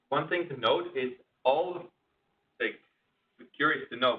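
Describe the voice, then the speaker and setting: Distant, tinny-sounding man presenting. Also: medium pitch. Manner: conversational, with frequent restarts and fillers. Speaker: presenter at an internal company talk. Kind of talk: informal presentation. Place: meeting room.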